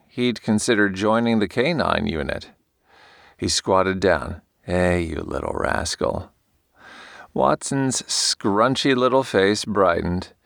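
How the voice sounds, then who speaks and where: A man reads a novel aloud with deep, gravelly fry in his low voice. His delivery is measured and steady, and the recording is dry and close with no room sound. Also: dry recording. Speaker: audiobook narrator. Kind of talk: scripted narration.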